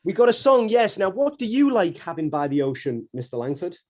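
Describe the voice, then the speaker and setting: A man's voice: sits high, very animated, a little fast, darkish tone. A man hosting a school radio show in chatty, casual talk with frequent restarts. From North East England. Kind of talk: casual live chat.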